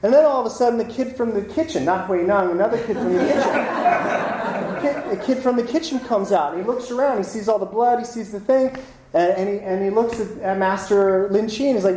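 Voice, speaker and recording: A lecturer giving a casual talk, telling stories in an animated way and often tossing in "right?" to the listeners. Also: medium pitch, fairly quick. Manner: animated storytelling, frequent "right?" asides. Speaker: lecturer on Buddhism. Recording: roomy room with faint noise.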